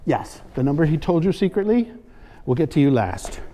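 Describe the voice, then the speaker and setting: Lively playful male comedy magician on stage. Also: on the high side. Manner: playful, teasing, quick asides. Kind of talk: stage banter with audience volunteers. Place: stage before a live audience. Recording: hall reverb, faint room noise.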